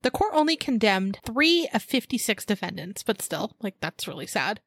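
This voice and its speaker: A woman's voice: mid-range voice, big pitch swings, normal speed, a bit bright, slightly rough, no room sound, studio quality. A young woman co-hosting a podcast, reading history notes with casual asides and frequent laughs. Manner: chatty, laughs often, reads notes with asides. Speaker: podcast co-host. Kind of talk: casual chat and read history.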